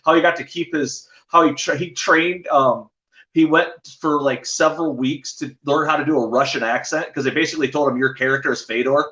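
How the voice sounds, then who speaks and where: A man's voice: fairly high pitch, fairly even intonation, fairly quick, sharp tone, roomy sound. A man, a podcast guest, rambling through casual stories with many fillers and restarts. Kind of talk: casual storytelling chat.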